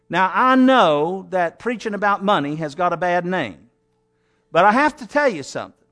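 A man's voice: high-pitched, pushed and bright. Man, pastor, raised voice, plainspoken sermon delivery with dramatic scripture reading. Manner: folksy preacher, reads scripture with emphatic swings.

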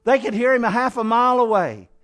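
A man preaching a sermon as pastor, telling the story dramatically and swinging between raised exhortation and quiet, close asides. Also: very high-pitched, quick pace. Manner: dramatic storytelling, acting out scenes.

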